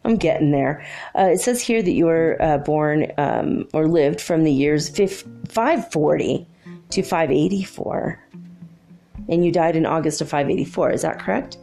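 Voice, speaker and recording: A chatty woman channels spirits in a slow, self-deprecating way. Her voice is low and dark with a gravelly edge, and soft guitar music plays behind her. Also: lively intonation. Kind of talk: live channeling session.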